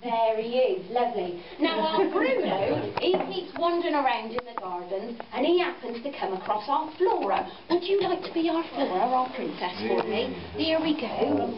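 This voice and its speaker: Woman telling a kids' story, high voice bouncing up and down, playful and coaxing, echoey room picked up from far off on a dull recording. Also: sing-song, normal speed, few pauses, a crowd in the background. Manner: playful, coaxing, with tag questions and laughs. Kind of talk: interactive storytelling for children. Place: farm venue, roomy space. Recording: echoey, distant, dull with background noise.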